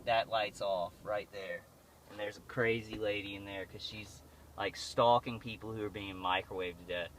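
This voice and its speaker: A man vlogging in a rambling, agitated way from inside a car on the street, cursing and stumbling with fillers and restarts, speaking into a phone mic that his thumb partly covers. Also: on the low side. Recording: muffled phone audio with traffic noise.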